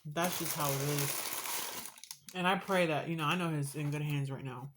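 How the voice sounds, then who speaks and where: A woman's voice: low voice, fairly even intonation, moderate pace. A woman talking to her viewers in a casual home vlog, emotional and rambling, swearing casually. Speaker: vlogger. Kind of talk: casual vlog while eating.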